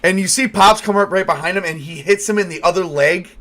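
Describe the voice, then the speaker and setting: A man narrating as game master with lively storytelling. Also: high-pitched, fairly quick.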